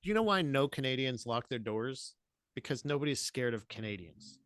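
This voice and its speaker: A man's voice: mid-range voice, expressive, normal speed, a bit bright, dry recording, clean studio sound. A man co-hosting a podcast, blunt and sardonic in casual chat. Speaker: podcast co-host.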